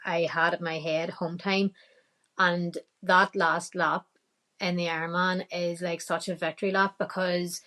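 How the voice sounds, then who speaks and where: A woman's voice: on the low side, little pitch movement, unhurried, bright, forceful tone. A woman with a Northern Irish accent, a podcast guest telling a story casually, quoting her own thoughts and laughing often.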